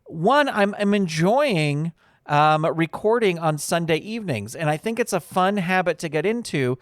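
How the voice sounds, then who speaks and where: A man's voice: on the high side, animated, measured pace, no echo. A man hosting his own podcast in a casual, rambling solo chat full of ums and uhs. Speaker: podcast host.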